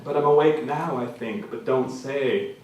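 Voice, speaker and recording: A man of middle pitch reads his own prose at a live literary event, measured and dramatic, returning again and again to repeated phrases. His voice comes from a distant mic and rings around a very reverberant hall. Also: slight background noise. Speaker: author reading his own work. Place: literary venue before an audience. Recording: very echoey hall from far off.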